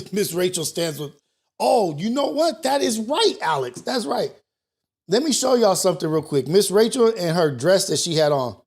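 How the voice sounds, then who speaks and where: A man hosting a morning talk show, thinking out loud in a loose, profane way with many restarts. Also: high voice, very animated, moderate pace, slightly rough. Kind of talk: casual talk show commentary.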